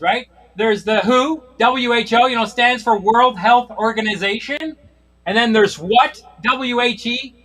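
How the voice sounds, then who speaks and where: A man's voice: very high-pitched, bright, forceful tone. A middle-aged man doing a stand-up routine, ranting in exasperation with frequent swearing. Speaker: stand-up comedian. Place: comedy stage.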